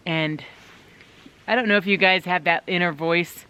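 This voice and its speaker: A woman's voice: lowish voice, steady tone, normal speed, bright, forceful tone, smooth. A woman vlogging from inside her tent in the snowy woods, chatting casually and upbeat straight to her viewers. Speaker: solo winter camping vlogger. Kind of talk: casual chat to camera.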